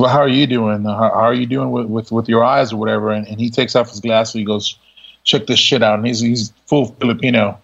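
A military veteran with a gravelly, creaky voice tells stories in a loose, conversational way. He laughs easily and acts out other people's lines as he goes. The recording sounds dull and lo-fi. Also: mid-range voice. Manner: laid-back, laughing, full of quoted dialogue. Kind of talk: casual storytelling interview.

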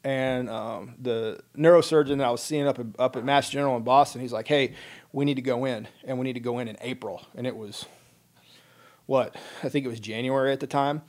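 Speaking at a medium pitch with a steady tone and brisk delivery, this middle-aged veteran shares a personal story on a relaxed podcast. He's wry and plain-spoken and voices the dialogue himself.

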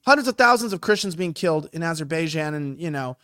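Lively high-voiced man hosting a podcast. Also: fast talker, dry recording, clean studio sound. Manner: animated, incredulous, profane. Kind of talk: casual podcast chat.

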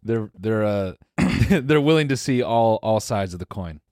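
A young man co-hosting a podcast, teasing deadpan and laughing often in casual banter. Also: fairly low pitch, unhurried, no echo, studio quality. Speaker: podcast co-host.

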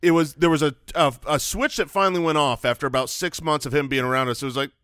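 A man's voice: fairly high pitch, steady tone, quick pace, a bit bright, clear, resonant tone, dry recording, studio quality. A middle-aged man co-hosting a comedy podcast, talking casually with a sarcastic, joking delivery. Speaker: podcast co-host.

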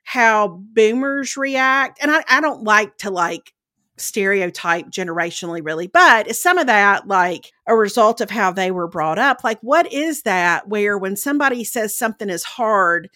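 A woman's voice: medium pitch, lively intonation, normal speed, bright, forceful tone, no room sound, clean studio sound. A woman co-hosting a podcast in casual chat, thoughtful and careful to add disclaimers as she talks. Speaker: podcast co-host.

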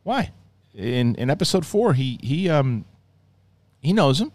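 A middle-aged man giving a casual, rambling review of a show, often acting out scenes in quick mock voices. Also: mid-range voice, sing-song, a little mellow, no room sound.

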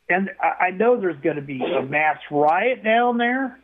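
Older male caller, high-pitched, upset and stammering, heard over a tinny phone line. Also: animated, measured pace, hardly any pauses, background noise. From Texas. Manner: upset, stammering and repeating words. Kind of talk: phone-in call.

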